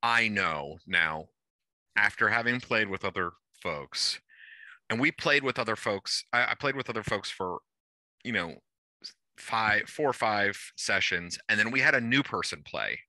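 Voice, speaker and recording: A man organizing a tabletop game and explaining its rules in a relaxed, rambling way, often restarting as he thinks aloud, heard over an online call. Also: fairly low pitch, unhurried, no echo.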